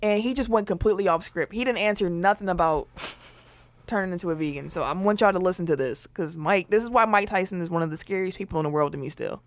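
A woman co-hosting a casual podcast chat, talking loosely with lots of "like" and quick laughs. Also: on the low side, a little hiss or hum. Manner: chatty, laughs often, says "like" a lot. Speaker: podcast co-host.

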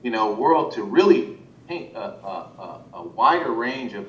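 Speaking a little slowly with big swings in pitch, a man who works as an animation director chats casually in an interview, rambling along with lots of restarts and fillers. He's far from the mic, so the sound is roomy and muffled, with a faint rumble underneath.

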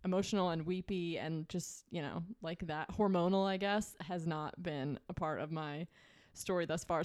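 Young woman, podcast co-host, chatty storyteller, laughs a lot, slightly low voice. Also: a little mellow. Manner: chatty, laughs often, many "like" fillers. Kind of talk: casual storytelling chat.

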